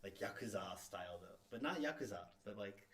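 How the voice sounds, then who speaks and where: A man's voice: fairly low pitch, animated, fairly quick. A man chatting casually with his wife, rambling and playful, often laughing at his own jokes. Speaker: host's husband, co-host. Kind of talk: casual chat.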